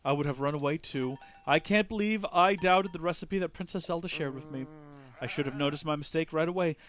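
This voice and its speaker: A man's voice: fairly high pitch, brisk, a bit bright, natural voice. A man reading game dialogue aloud as an earnest, apologetic male goat keeper who frets over his animals. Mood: earnest, remorseful. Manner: emotional, fretful and heartfelt.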